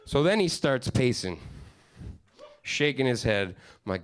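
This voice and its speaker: Man, mid-range pitch, from Upstate New York; foul-mouthed stand-up storyteller, rambling and exasperated. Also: lively intonation, moderate pace, clean tone. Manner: profane, rambling storytelling with mock-exasperated asides. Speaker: stand-up comedian. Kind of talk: stand-up comedy set. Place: comedy stage with live studio audience.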